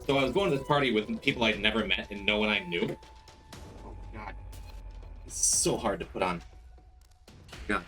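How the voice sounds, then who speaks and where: Lively male streamer, excited greetings. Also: fast, faint music behind. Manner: animated, jumps into excited high greetings. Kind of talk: casual game-stream chat. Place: home room.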